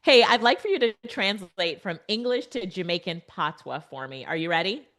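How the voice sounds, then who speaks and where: A woman's voice: mid-range voice, animated, normal speed, a bit bright. Upbeat woman teaching an online class. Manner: upbeat, laughs often, chatty asides to the viewers. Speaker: webinar instructor. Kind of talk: live online teaching demo. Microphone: computer mic on a video call.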